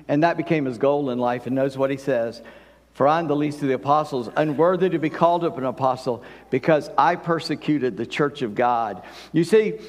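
A man preaching a sermon in a conversational way, rising and falling in volume to stress his points. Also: fairly high pitch. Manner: conversational preaching, swells and drops in volume for emphasis. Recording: long hall reverb.

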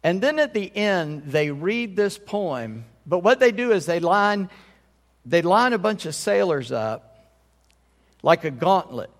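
Slightly high-voiced preaching pastor, reverberant hall. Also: male voice, very animated, slow. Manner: conversational, checks in with the congregation. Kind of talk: sermon.

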